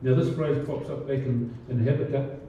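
A man's voice: medium pitch, fairly even intonation, moderate pace, slight background noise. A man preaching a sermon as pastor, talking in a conversational way with many fillers and restarts. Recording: distant, roomy, dull church recording.

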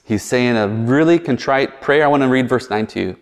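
A man's voice: medium pitch, brisk. A man preaching a sermon as a pastor, chatty and verbose, full of asides and jokes. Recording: long reverb in a large hall.

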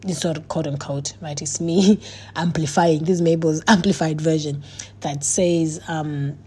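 A woman's voice: low-pitched, steady tone, a little slow, darkish tone, breathy edge. A middle-aged woman, a coach and author, talking earnestly to her viewers in a casual monologue, with many fillers and restarts.

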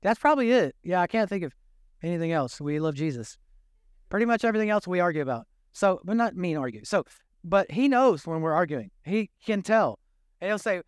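Older man, pastor, conversational jokey sermon, smooth resonant voice. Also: sits high, moderate pace, long pauses, no room sound, studio quality. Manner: conversational, jokey, animated preaching.

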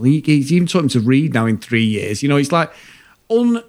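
A man's voice: mid-range voice, lively intonation, normal speed, a little mellow. A man co-hosting a podcast, ranting about a film in casual, sweary, exasperated chat. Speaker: podcast co-host.

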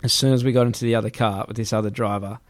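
A man telling a travel story in casual chat, animated and swearing, acting out other people's voices. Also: on the low side, rapid-fire, dry recording.

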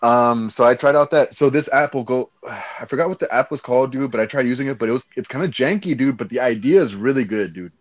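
A man's voice: mid-range voice, fast, hardly any pauses, muffled recording. Young man from Texas, Mexican-American accent, loose rambling podcast chatter, casual swearing. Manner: rambling, laid-back, swears freely, says dude a lot. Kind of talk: casual chat.

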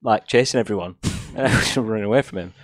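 A man's voice: on the low side, fast, no echo, clean studio sound. A young man, a podcast co-host telling school stories in casual chat and laughing often.

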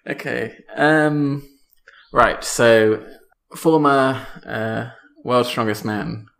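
Male podcast co-host, playful improviser, mid-pitched voice. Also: drawn-out words, a bit bright. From Devon, England. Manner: playful, laughing often, improvising a story aloud. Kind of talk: improvised comedy podcast chat.

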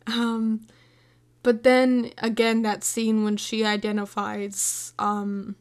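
Woman about 18, casual chat, scattered, excitable, slightly high voice. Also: takes it slowly. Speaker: movie reviewer.

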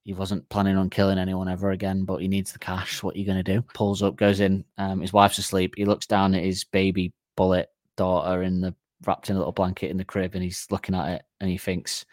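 A man's voice: low voice, monotone, fairly quick, darkish tone, dry recording, clean studio sound. Man rambling through comic banter. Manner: rambling, mock storytelling with laughter. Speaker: podcast co-host. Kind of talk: comedic podcast banter.

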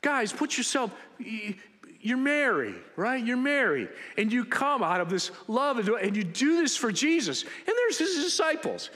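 A male pastor delivers a lively sermon, slipping into the voices of the people in his Bible stories. His voice sits a little high for a man and has a bright, forceful edge. The sound rings with the long reverb of a large sanctuary. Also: unhurried. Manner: animated storytelling, acting out biblical characters.

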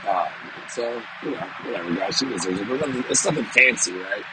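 A man's voice: on the low side, brisk. A middle-aged man and vlogger talking casually to his viewers in a rambling, conversational way. He often repeats himself and keeps checking in with "you know?". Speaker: vlogger and sales professional. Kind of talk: casual monologue to camera. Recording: steady background noise.

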